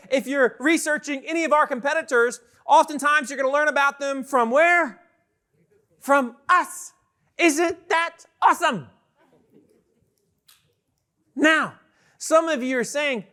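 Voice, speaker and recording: High, bright-voiced conference keynote man. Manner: energetic, questions the audience often. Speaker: keynote speaker. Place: large conference hall with an audience.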